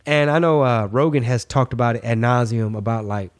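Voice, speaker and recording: A man from Texas co-hosting a casual podcast, talking in a loose, slangy, animated way with a slightly stuffy, congested voice. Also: mid-range voice, fairly quick. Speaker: podcast co-host. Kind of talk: casual political podcast banter.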